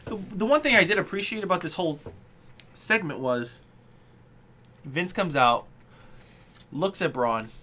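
A man's voice: on the high side, lively intonation, measured pace, long pauses, bright, forceful tone, slight background noise. A man co-hosting a casual chat, laughing often and acting out quotes as he recaps. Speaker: podcast co-host.

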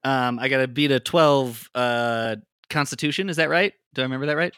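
A man narrating as game master of a tabletop game, relaxed, with many ums and uhs. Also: mid-range voice, fairly quick, clean tone, dry recording, clean studio sound.

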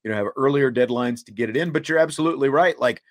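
A middle-aged man from Kansas hosts a casual sports talk show. He rambles in a friendly, unscripted way, stringing thoughts together with filler words. His voice sits at an ordinary middle pitch. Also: quick pace. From Kansas, USA. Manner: conversational, many fillers like "you know, like".

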